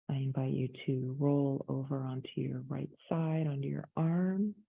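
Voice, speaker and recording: Woman leading a yoga meditation, slow and gravelly, sounds like it's over a phone line. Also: low voice. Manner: slow, gentle, inviting. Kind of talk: guided meditation instruction.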